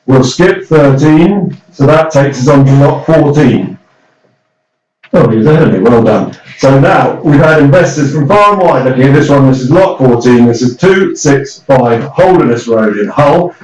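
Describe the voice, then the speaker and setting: Male auctioneer, mid-pitched voice, brisk number-calling with playful coaxing, in an echoey room. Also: darkish tone, distant mic. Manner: brisk bid-calling, coaxing bidders with light humour. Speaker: property auctioneer.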